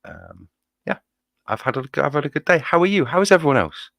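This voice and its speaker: A man's voice: a little high, very animated, quick pace, gravelly, a bit bright, dry recording. A man co-hosting a casual fan show, wordy and playfully mock-formal. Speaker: co-host. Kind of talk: casual fan podcast chat.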